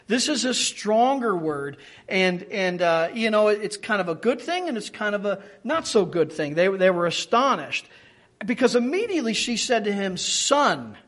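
A man preaching a sermon in a lively, animated way, often acting out quoted speech and restarting words as he thinks aloud. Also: sits high, moderate pace. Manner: animated, acts out quoted speech in changed voices.

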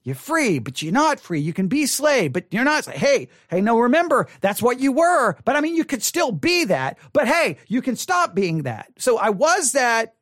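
An exasperated podcast host picks apart a sermon in a Bible study commentary, words tumbling out in restarts and circles. The voice is hoarse and fraying, with a lively pitch that swoops up and down. It sits close and dry, with no room sound at all. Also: normal speed, hardly any pauses, no echo. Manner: exasperated, rambling with many restarts. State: hoarse, losing voice.

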